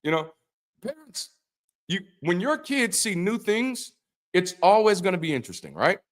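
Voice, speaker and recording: This middle-aged ex-pastor host has a high voice and talks at normal speed. Commenting irreverently on the Bible, he's animated and foul-mouthed, moving from mock-solemn preaching to bursts of incredulity.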